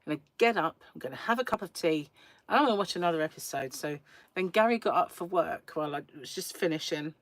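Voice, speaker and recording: A woman's voice: lowish voice, lively intonation, fast talker, no room sound. A woman hosting a crochet livestream, chatting casually and rambling to her viewers, laughing often, from a small room at home. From England. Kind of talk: casual chat with live viewers.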